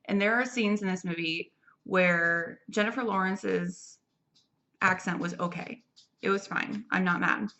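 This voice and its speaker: A young woman reviews a film in a loose, chatty way, with lots of fillers and restarts. Her voice sits low and carries a gravelly fry, with a tense, bright edge. The recording sounds dull and lo-fi. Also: fairly even intonation, a little slow. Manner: rambling, chatty, full of "like" and restarts. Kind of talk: casual spoken movie review.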